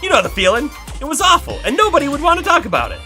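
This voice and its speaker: Brief: man doing a gossipy young country girl, high and bright, folksy drawl. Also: sing-song, racing, faint music behind, heavily acted. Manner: folksy drawl, double negatives. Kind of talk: reading game dialogue aloud.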